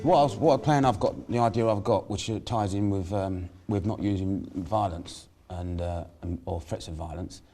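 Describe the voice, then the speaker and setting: A man's voice: deep voice, moderate pace, few pauses, dark tone, faint music behind. A middle-aged man in casual planning talk, laying out a scheme and acting out scenes in quoted voices. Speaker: gang member planning a staged heist.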